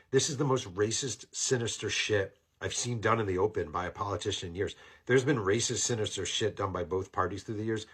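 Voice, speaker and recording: A man with a very low, husky voice delivers heated political commentary. He sounds indignant, swears freely and hammers each point home by saying it twice. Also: fast, a bit bright.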